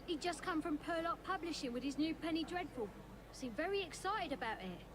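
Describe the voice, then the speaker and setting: A high, chatty townswoman from a video game, confiding what she saw. The game audio carries a clear layer of noise behind her. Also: animated, a little fast. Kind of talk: video game character dialogue.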